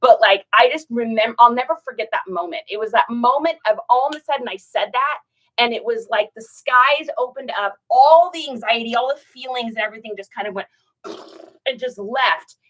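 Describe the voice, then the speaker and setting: A woman's voice: fairly high pitch, normal speed, low-quality recording. A middle-aged woman chatting to livestream viewers from home, telling a long story and acting out the voices of the people in it. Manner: chatty, animated, acts out quoted voices. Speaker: reseller livestream host.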